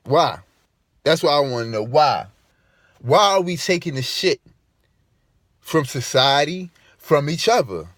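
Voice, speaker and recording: A man's voice: fairly high pitch, expressive, a little slow, pauses often, fairly bright tone, dry recording, clean studio sound. A man delivering an emphatic, profane vlog rant, hammering his points by repeating them. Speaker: vlogger. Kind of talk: ranting monologue to camera.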